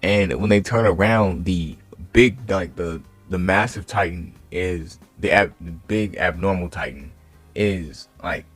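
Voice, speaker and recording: Deep-voiced young man rambling a story. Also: unhurried. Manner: rambling, full of fillers like "like". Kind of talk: casual story retelling. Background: faint music.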